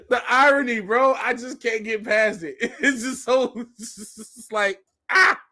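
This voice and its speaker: A man's voice: very high-pitched, sharp tone. A man reading news headlines aloud and adding sarcastic commentary, laughing often. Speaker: commentary vlogger.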